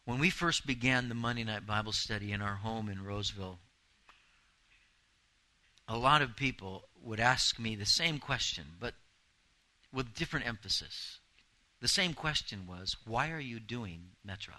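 A man's voice: on the low side, normal speed, pauses often, sharp tone, rough recording. A man in his fifties, a pastor preaching an earnest, emphatic sermon.

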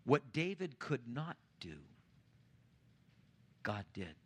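A man's voice: sing-song, takes it slowly, husky. Impassioned male pastor preaching. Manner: impassioned, swells louder and higher on key points; drops to a hushed low voice at line ends. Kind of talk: sermon.

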